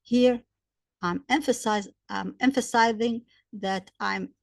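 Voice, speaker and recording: A woman gives a grammar lesson with a fairly high voice. She works through example sentences slowly and repeats each point, and her voice sounds dry and close, with little room around it. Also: gravelly, no room sound. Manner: slow, repetitive explaining with examples. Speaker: English grammar teacher.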